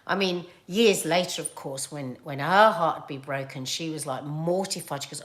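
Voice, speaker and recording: A middle-aged woman with a British accent, hosting a casual livestream chat and telling stories in an animated, chatty way. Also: low-pitched, normal speed, hardly any pauses. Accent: British English. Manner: animated, chatty storytelling with laughs and asides. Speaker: livestream host reading viewer comments.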